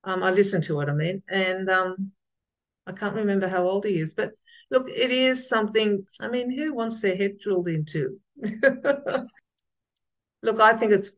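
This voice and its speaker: A woman with a gravelly voice, chatting casually as a podcast guest and often restarting her sentences. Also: mid-range voice, moderate pace, low-quality recording. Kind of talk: casual interview chat.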